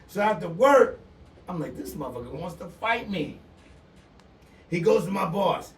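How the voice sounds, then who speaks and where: A middle-aged man with an East Coast US accent, telling a rowdy story in loud, animated, profane bursts on a podcast. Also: high voice, normal speed, long pauses, far from the mic. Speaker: podcast co-host. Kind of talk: casual storytelling. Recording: roomy sound from off-mic.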